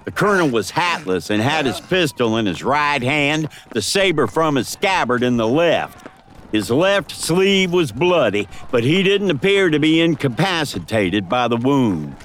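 Expressive male audiobook narrator. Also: mid-range voice, a little slow. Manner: dramatic, expressive storytelling. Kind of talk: scripted western audiobook narration.

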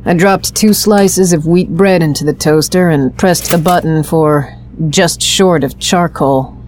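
A woman reads first-person narration for an audio drama. Her voice is very low for a woman, and she keeps a steady, even storytelling pace. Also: a little slow, slight background noise.

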